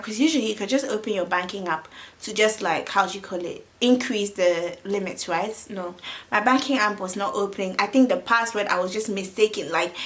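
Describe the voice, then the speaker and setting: A young adult woman telling a story in a casual vlog, chatty and animated, with many "like" fillers. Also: medium pitch. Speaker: vlogger.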